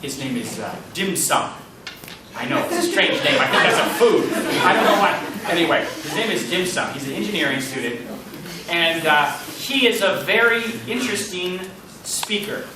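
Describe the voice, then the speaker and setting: A man giving an animated lecture in a lecture room, with big swings in loudness. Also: sits high, normal speed, crowd noise. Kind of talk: lecture on presenting. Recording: echoey room from far off.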